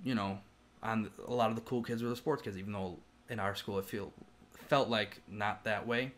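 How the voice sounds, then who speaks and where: A man's voice: fairly low pitch, steady tone, moderate pace, a bit bright. A man co-hosting a podcast, rambling in casual chat, swearing freely and laughing often. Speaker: podcast co-host.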